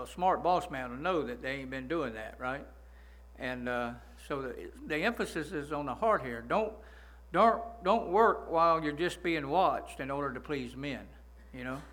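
A man preaching a sermon, folksy, slowing down to stress his points and asking the congregation for agreement. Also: a little high, fairly bright tone. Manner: slows down to stress key phrases. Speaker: pastor.

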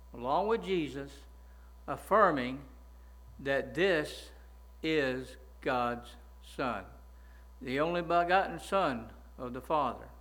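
Emphatic higher-voiced male preacher. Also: fairly bright tone. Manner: emphatic, repeats words, asks listeners "right?". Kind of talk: sermon.

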